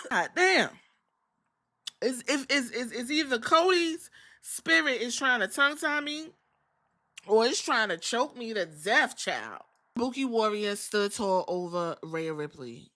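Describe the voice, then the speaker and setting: Femme vive et crue qui raconte la lutte. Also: female voice, on the high side. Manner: animated, profane storytelling. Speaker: podcast host. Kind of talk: casual wrestling recap.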